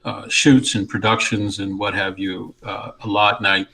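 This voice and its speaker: A man's voice: fairly low pitch, level tone, moderate pace, gravelly, pushed and bright, a little hiss or hum, low-quality recording. A man answering on a podcast panel, conversational and often restarting his sentences. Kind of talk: casual panel discussion.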